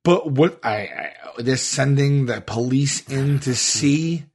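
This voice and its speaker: Halting, exasperated podcast host. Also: male voice, medium pitch, husky. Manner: halting, stumbles and restarts, exasperated storytelling. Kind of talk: casual chat.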